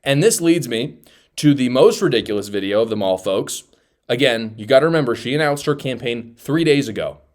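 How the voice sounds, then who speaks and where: A man's voice: medium pitch, expressive, a little fast. A man hosting a political commentary show, sarcastic and emphatic, talking straight to his viewers. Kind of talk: opinionated commentary.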